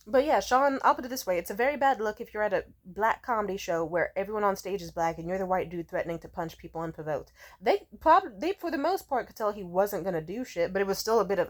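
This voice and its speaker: A woman's voice: mid-range voice, lively intonation, fast, few pauses. A young adult woman vlogger in a casual monologue, rambling and profane as she tells stories with animation.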